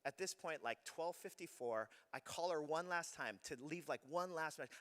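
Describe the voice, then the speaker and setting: A man in his thirties preaching a sermon, telling a personal story with animated energy and acting out his own shouting. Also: a little high, normal speed. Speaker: pastor. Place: church hall. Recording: long hall reverb.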